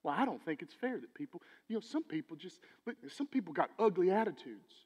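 Animated preacher, high voice, church hall reverb. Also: male voice, fairly quick. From Texas. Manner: animated, preachy, swings between loud emphasis and quiet asides. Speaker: pastor. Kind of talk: sermon. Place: church sanctuary.

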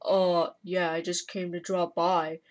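A woman voicing a gloomy male undertaker wrestler who talks in an offhand, low-key way. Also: flat delivery, unhurried, close to an everyday voice.

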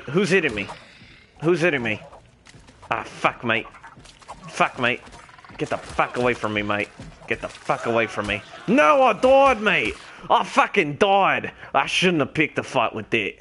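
A young man with a put-on Australian accent, streaming a game in character, rambling, swearing a lot and calling out loudly to other players. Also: medium pitch, lively intonation, moderate pace, long pauses, slight background noise.

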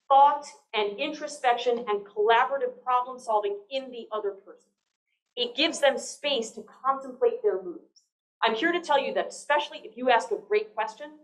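A woman giving a lively, conversational public lecture on negotiation, often checking in with the audience. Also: fairly high pitch. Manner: lively, conversational, frequent "right?" tags. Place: lecture hall. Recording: echoey lecture hall.

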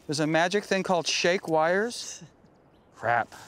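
A man's voice: a little high, expressive, takes it slowly, a bit bright. A man explaining his radio gear outdoors in the desert, rambling and chatty with lots of fillers and restarts. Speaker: radio hobbyist guide. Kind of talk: casual explaining in the field.

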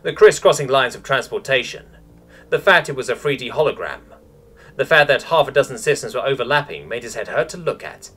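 Animated male audiobook narrator. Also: medium pitch, brisk, slightly rough, faint music behind. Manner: animated, expressive reading. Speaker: story narrator.

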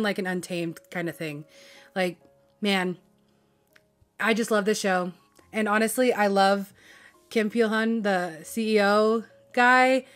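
A young woman gushing in casual chat about a show she loves, swearing freely and filling her talk with "like". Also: medium pitch. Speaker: vlogger reviewing a drama.

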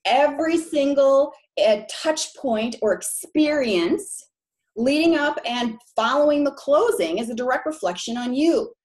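A woman in her forties from Minneapolis with a Minnesota accent and long O's, giving a frank, chatty presentation to an audience of real estate agents and often checking in with "right?". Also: on the high side. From Minneapolis, Minnesota, USA.

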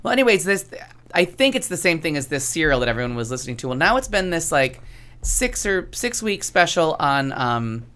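Mulher falante e sarcástica, voz grave. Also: female voice, sits low, very animated, brisk. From United States. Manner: chatty, sarcastic, prone to loud comic outbursts. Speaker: podcast co-host. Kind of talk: casual chat.

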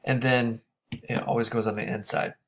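A man teaching a grammar lesson, explaining step by step and checking in with quick questions. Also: medium pitch, flat delivery, fairly bright tone, a little hiss or hum.

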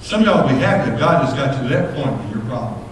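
A man preaching a sermon as pastor, folksy and impassioned, rising to shouts at his peaks. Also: mid-range voice, animated, racing, a little hiss or hum. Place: church sanctuary. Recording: echoey church hall from far off.

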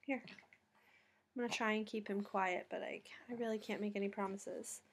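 A woman's voice: mid-range voice, fairly even intonation, normal speed. A tired woman hosting a casual knitting vlog from home, chatty and rambling, going off on tangents and laughing at her own mistakes. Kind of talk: casual chat. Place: at home with a cat on her lap.

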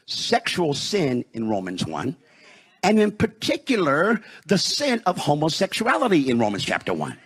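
A pastor from Detroit preaching a sermon in a church, rising into shouted, sung peaks and slowing for emphasis. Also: male voice, on the high side, breathy edge. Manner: preaching with shouted, sung rises and dramatic slowdowns. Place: church sanctuary.

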